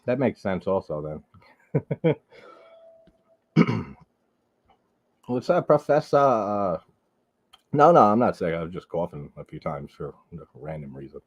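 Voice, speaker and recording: A man's voice: sits low, animated, unhurried, long pauses, breathy edge, lo-fi sound. A man from Long Island, hosting a live horror movie stream and chatting casually with viewers. He rambles, drops "like" constantly and swears freely. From Long Island, New York.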